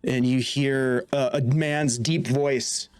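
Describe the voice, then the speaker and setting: A man's voice: mid-range voice, fairly even intonation, slow, darkish tone, smooth, faint music behind. A man running a tabletop game as game master, describing scenes and calling for rolls.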